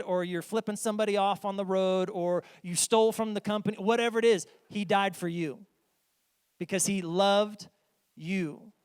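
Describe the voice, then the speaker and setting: Pastor pria, suara tinggi, berkhotbah sungguh-sungguh di gedung gereja bergema panjang. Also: male voice, high voice, clear, resonant tone, in a large hall. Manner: earnest, emphatic preaching. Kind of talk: sermon. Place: church sanctuary.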